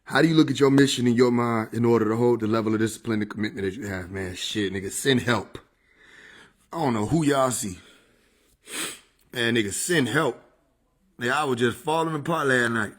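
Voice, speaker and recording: Relaxed slangy dude chatting on a live stream, laughs a lot. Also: male voice, on the low side. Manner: laid-back, slangy, laughs often. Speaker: livestream host. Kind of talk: casual livestream chat.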